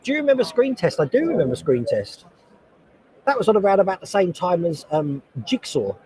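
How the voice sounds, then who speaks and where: A man's voice: high-pitched, big pitch swings, fairly quick, darkish tone, a little hiss or hum, low-quality recording. Chatty man in his forties. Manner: rambling and chatty, reading chat comments aloud. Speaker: host. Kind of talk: casual livestream chat. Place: loud convention hall. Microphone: noise-cancelling headset.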